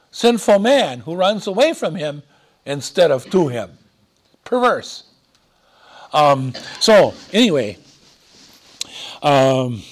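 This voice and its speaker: A man preaching a sermon, animated and digressive, with dramatic emphasis. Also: on the high side.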